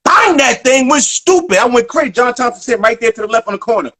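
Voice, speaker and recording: A middle-aged man with a New York accent, telling a story in casual chat and acting out the voices of the people in it. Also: fast talker. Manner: excitable, acts out quotes with loud shouts and deep rumbles. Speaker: guest.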